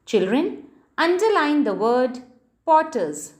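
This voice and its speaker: A woman with an Indian English accent teaching a lesson to children, speaking slowly and patiently and spelling words out letter by letter. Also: high-pitched, sing-song. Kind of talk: scripted classroom lesson for children.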